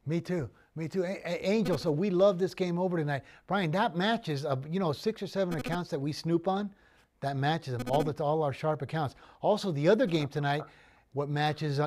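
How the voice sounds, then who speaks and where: A man's voice: a little high, brisk, a little mellow. A man hosting a sports betting talk show, chatty and casual, often repeating words as he goes.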